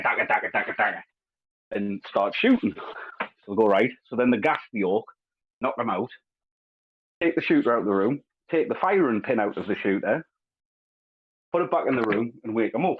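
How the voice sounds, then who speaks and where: A man on a podcast, chatting casually and telling an animated story while acting out the voices in it. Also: on the low side, moderate pace, pauses often, slight background noise. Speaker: podcast co-host. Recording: husky voice, dull lo-fi sound.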